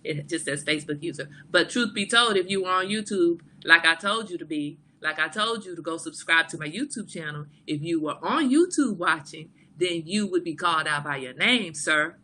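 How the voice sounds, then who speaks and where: A woman's voice: lowish voice, expressive, moderate pace, hardly any pauses, pushed and bright, slight background noise. A woman in her forties hosting a livestream, chatting frankly and jokingly with viewers and reading out their comments. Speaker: livestream host. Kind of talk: casual chat with live viewers.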